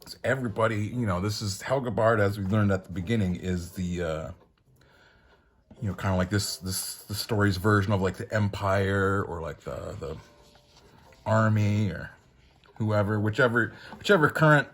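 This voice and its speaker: A man's voice: lowish voice, moderate pace, a bit bright. A man casually reviewing a comic book, rambling with lots of fillers and frequent chuckles. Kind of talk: casual commentary.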